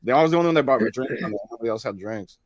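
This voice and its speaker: A man's voice: medium pitch, expressive, very fast. A man co-hosting a casual podcast, telling an easygoing story. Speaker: podcast co-host. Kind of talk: casual group chat.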